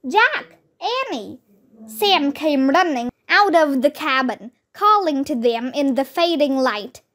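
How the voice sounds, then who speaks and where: Slow, high-voiced woman reading a children's book. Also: lively intonation, a bit bright. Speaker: read-aloud narrator.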